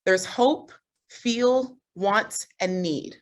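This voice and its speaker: Woman, coach, group video call, animated storytelling, mid pitch. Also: very slow. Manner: animated storytelling with frequent laughs. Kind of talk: motivational group call talk.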